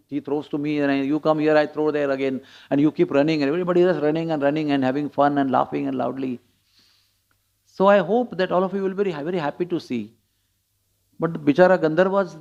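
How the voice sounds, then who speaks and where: A man's voice: fairly high pitch, vocal fry, a little mellow. A man giving a scripture class, telling stories with chuckles and acting out quotes. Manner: storytelling, chuckling, acts out quotes. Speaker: preacher. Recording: dull lo-fi recording.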